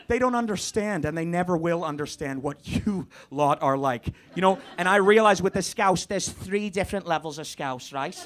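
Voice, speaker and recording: A man from Canada doing animated, sweary stand-up comedy in a club. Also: high-pitched, brisk, hardly any pauses. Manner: animated, swearing, laughing with the crowd. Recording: live club recording with background noise.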